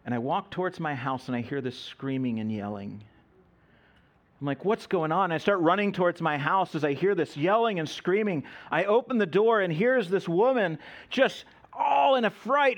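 A man preaching, telling a mission story and acting out the voices of the people in it. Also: on the high side. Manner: animated storyteller, acts out quoted voices. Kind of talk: sermon storytelling.

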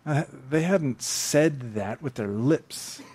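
A man's voice: mid-range voice, lively intonation, takes it slowly, a little mellow, slightly rough. A man preaching a sermon, telling stories conversationally and acting out quotes with animation. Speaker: pastor. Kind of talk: sermon with storytelling.

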